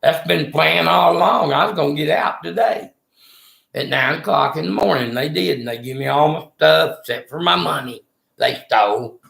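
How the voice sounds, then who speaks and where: Man, middle-aged, heavy vocal fry, rough swearing storyteller, echoey room. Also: fairly high pitch, moderate pace, a bit bright. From Texas. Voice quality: gravelly. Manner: rough-spoken, swearing, folksy. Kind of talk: rambling personal storytelling.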